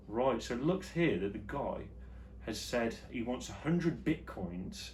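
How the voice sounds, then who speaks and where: A man's voice: lowish voice, a little hiss or hum. Jokey man in an echoey room. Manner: jokey and chatty, jumping between loud and quiet. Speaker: host of his own vlog show. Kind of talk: casual news vlog chat. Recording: echoey room with faint ambience.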